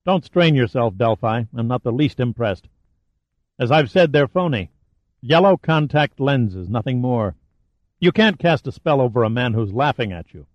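A man's voice: medium pitch, no echo, highs cut off, close to an everyday voice. A man voicing a defiant adventurer who taunts and mocks his captor with sarcasm.

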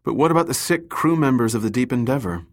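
A man's voice: mid-range voice, lively intonation, fast, natural voice. A man voicing a drowsy injured woman who speaks in a slurred, sleepy way in an audiobook.

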